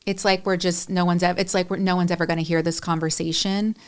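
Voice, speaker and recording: A woman's voice: on the low side, flat delivery, fast, clean tone. A middle-aged woman speaking candidly and emotionally as a podcast guest, rambling through personal stories.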